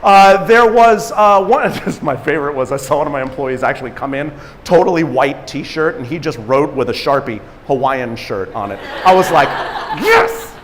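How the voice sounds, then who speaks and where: A man giving an energetic motivational talk at a conference, acting out quotes and laughing at himself as he tells stories. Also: on the high side, normal speed, few pauses, long reverb tail, background noise. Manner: animated storyteller, acts out quotes, laughs at himself. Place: conference stage in a large hall.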